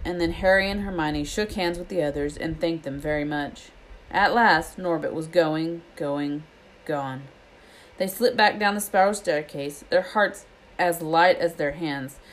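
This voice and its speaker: A woman reading a children's book aloud in a steady storytelling way, with small slips. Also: lowish voice, unhurried. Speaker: reader.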